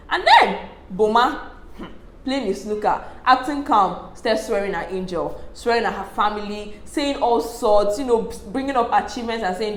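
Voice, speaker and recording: Young woman, Nigerian accent, casual chatty recap, animated, roomy echo. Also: medium pitch, moderate pace, a little hiss or hum. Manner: animated, quotes people in lively asides, laughs often. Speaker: entertainment vlogger recapping a reality show. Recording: echoey room.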